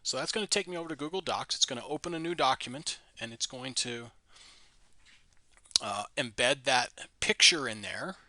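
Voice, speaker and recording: A man walks through a software tutorial in an easygoing, plain explanatory way, now and then restarting a phrase. His voice sounds very bright and forward, at a middle pitch for a man. The sound is close and dry, with no room echo. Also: normal speed. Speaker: tutorial presenter. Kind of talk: screen-recorded software tutorial.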